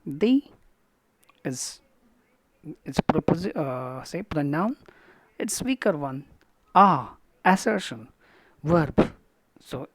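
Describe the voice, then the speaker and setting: A woman with an Indian English accent lectures in a deep, unhurried voice, sounding out syllables one by one. She leans hard on stressed words and drops to a whisper on the weak ones. The recording is close and dry, with no room sound. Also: slightly rough, no echo. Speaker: English literature teacher.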